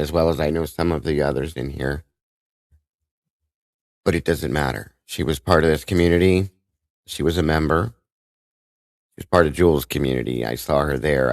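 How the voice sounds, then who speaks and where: A man with an extremely deep, low voice hosts a live stream, talking in an emotional, halting way and often restarting his sentences. He greets his viewers one by one by name. The sound is dry and close, with almost no room echo. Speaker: livestream host.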